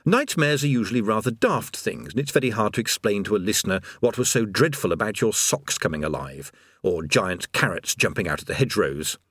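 A man narrating an audiobook in a wry, expressive storytelling manner, close on a studio mic. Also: on the low side, a little fast, no room sound. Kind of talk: scripted narration.

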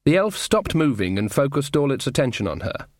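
A man narrating a story in a wry, measured way. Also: mid-range voice, sing-song, dry recording, clean studio sound. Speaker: audiobook narrator. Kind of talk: scripted narration.

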